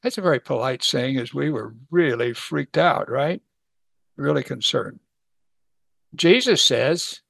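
A man's voice: medium pitch, animated, takes it slowly, creaky, long pauses, a bit bright, no echo. A middle-aged man teaching a Bible passage in a folksy, conversational way, chuckling and acting out the people in the story. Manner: folksy, chuckles, acts out voices.

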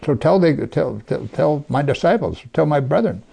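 Man, older, preacher, gravelly voice, earnest sermon, scripture reading, hushed emphasis. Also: fairly high pitch, expressive, normal speed. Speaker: pastor.

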